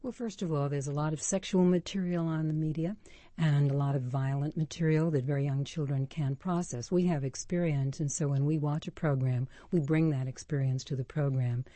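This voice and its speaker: Older woman, low, mellow voice. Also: steady tone, brisk, no echo. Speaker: guest psychologist. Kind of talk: interview answers.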